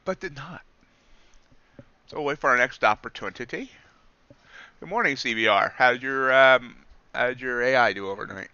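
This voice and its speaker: A man's voice: mid-range voice, normal speed, pauses often, pushed and bright, clean tone, dry recording, muffled recording. A man commenting on live futures trading, thinking aloud and chatting with viewers on a stream. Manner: reads news aloud in an announcer tone. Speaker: livestream trader.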